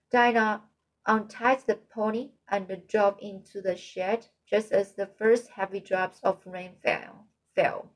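A woman reading a novel aloud as audiobook narrator, halting with frequent slips and restarts. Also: mid-range voice, low-quality recording.

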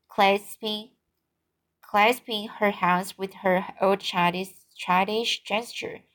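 A woman's voice: medium pitch, fairly bright tone. A woman narrating a classic novel as an amateur audiobook reader, stumbling and correcting herself.

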